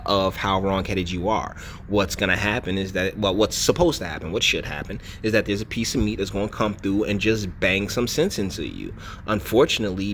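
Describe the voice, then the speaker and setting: A man's voice: a bit bright, slight background noise. A man hosting a reaction commentary, mocking and retorting over a clip he plays. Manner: mimics women in a high squeaky voice. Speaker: commentary channel host.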